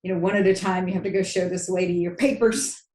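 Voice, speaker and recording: A woman's voice: lowish voice, steady tone, fast talker, darkish tone. Wry laughing woman, echoey room. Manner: laughs often, wry understatement. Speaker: podcast co-host. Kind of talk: casual storytelling chat.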